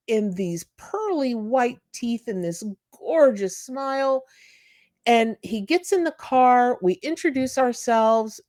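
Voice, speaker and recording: A woman's voice: fairly high pitch, lively intonation, takes it slowly, darkish tone, dry recording, clean studio sound. A woman hosting her channel, giving an emphatic, casual spiritual talk to her viewers and repeating words for stress. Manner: emphatic and repetitive, talks straight to viewers. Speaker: tarot reader and channel host.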